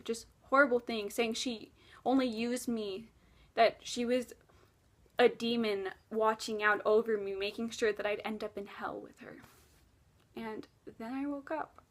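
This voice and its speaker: A woman vlogger telling a personal story in an emotional, earnest way, swinging between loud outbursts and hushed moments. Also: on the high side, steady tone, a little slow. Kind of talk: confessional storytelling vlog.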